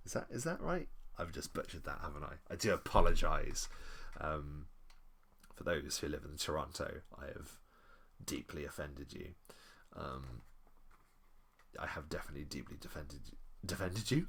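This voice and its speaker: A man's voice: a bass voice, moderate pace, gravelly, a bit bright. A man chatting casually on a live stream, reading an old game module and answering his chat politely. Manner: chatty, rambling, apologetic, polite.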